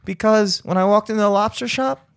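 A man's voice: sits high, fairly quick, gravelly, smooth. A man from the Baltimore area hosting a podcast, telling stories in loose, profane casual chat full of "like" and "dude". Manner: profane, animated storytelling with many fillers. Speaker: podcast host.

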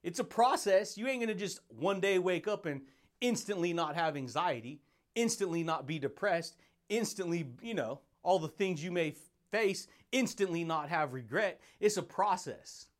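A man's voice: high voice, lively intonation, normal speed. A man hosting a podcast, giving a hyped motivational monologue full of slang, repeated catchphrases and frequent laughs. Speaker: podcast host.

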